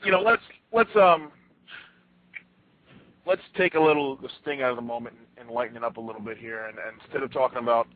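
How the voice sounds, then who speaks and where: A male radio host spins an animated story for his roundtable, repeating words as he restarts and then tossing the floor to his guests. He comes through a thin, phone-like line, at an average pitch for a man. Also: brisk.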